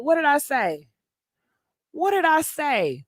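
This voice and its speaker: Brash high-voiced woman streamer. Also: expressive, measured pace, fairly bright tone, soft background music. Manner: brash, teasing, laughs often. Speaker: livestream host reading chat. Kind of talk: casual livestream chat.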